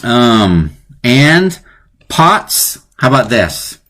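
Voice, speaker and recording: A man's voice: medium pitch, lively intonation, normal speed, fairly bright tone. A man hosting a live-streamed lesson on wordplay, chatty and playful, often laughing at his own jokes. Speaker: teacher hosting a live online class.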